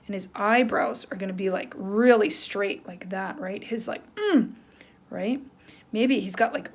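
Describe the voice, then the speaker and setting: A woman teacher giving a playful, animated lesson to young children, checking in with "right?" as she draws. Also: medium pitch. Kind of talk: children's lesson, drawing along.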